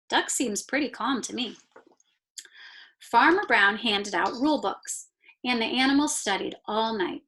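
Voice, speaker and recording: Slow, expressive woman teacher reading aloud. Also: on the high side. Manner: slow, expressive reading that pauses to point out pictures. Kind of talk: read-aloud storytime.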